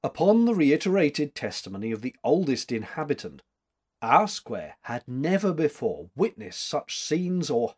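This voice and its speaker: A man narrating a chapter of a book in a measured, expressive way. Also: mid-range voice, husky. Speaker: audiobook narrator. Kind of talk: scripted narration.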